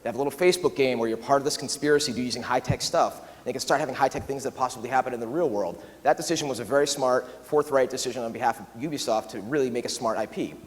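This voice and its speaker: A man giving a conference talk in a quick, animated way, often acting out quoted asides. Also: mid-range voice. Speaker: conference speaker. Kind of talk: keynote talk. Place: large conference hall. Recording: long reverb of a large hall.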